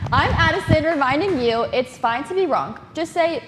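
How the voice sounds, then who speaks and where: A woman's voice: high-pitched, sing-song, moderate pace, hardly any pauses. A young woman hosting a casual trivia game in a college TV studio, chatty and giggly. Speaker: game show host. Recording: echoey studio, faint noise.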